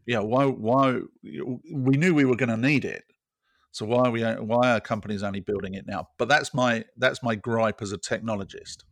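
A man's voice: mid-range voice, normal speed, fairly bright tone, no echo, clean studio sound. A British man talking as a technology guest, explaining scenarios step by step in casual conversation. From Britain. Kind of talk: casual interview chat.

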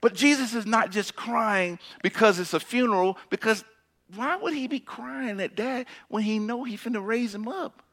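A man preaching a sermon who reads scripture slowly and then talks casually, swinging between loud emphatic lines and hushed ones. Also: sits high. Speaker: pastor.

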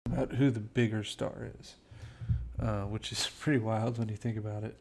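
Gravelly-voiced man telling film stories. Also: fairly low pitch, level tone, normal speed, a little mellow. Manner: chatty, anecdotal, with quoted asides and laughs. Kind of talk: casual storytelling commentary.

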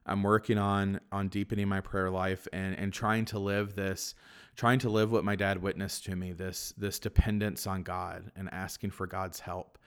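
Low-voiced young priest telling his story. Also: level tone, moderate pace, clear, resonant tone. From Kentucky, USA. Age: young adult. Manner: reflective storyteller with frequent fillers and soft laughs. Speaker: Catholic priest, guest. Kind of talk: personal testimony in conversation.

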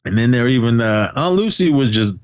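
A man's voice: medium pitch, lively intonation, fairly quick, smooth, muffled recording. A man casually recapping a comedy film on a podcast, laughing often and acting out quoted lines. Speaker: podcast co-host. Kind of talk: casual movie recap chat.

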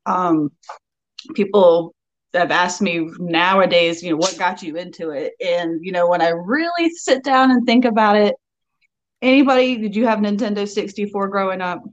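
Young woman, outer banks island brogue, relaxed rambling storyteller, podcast guest. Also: mid-range voice, moderate pace, highs cut off. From Outer Banks, North Carolina. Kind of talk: casual chat.

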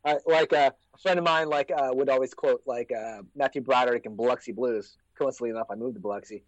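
An American man telling stories in a casual chat, laid-back and profane, often trailing off into low asides. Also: fast talker, no echo. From United States. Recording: dry, dull lo-fi sound.

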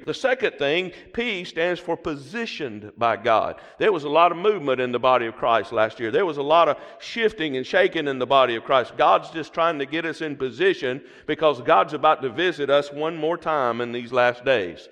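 A man's voice: on the high side, lively intonation, normal speed, few pauses, fairly bright tone. A middle-aged man with a Southern American accent, preaching a sermon and leading the congregation in call-and-response. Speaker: pastor. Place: church sanctuary. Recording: long hall reverb.

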